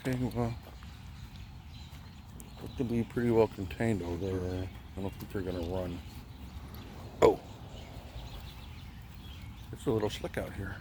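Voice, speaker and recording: A man casually vlogging on a riverside walk with his dog, chatting to viewers and cooing to the dog, sometimes hushed. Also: on the low side, sing-song, measured pace, long pauses, slight background noise. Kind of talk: casual walking vlog. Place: outdoors on a riverside trail. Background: faint birds and outdoor ambience.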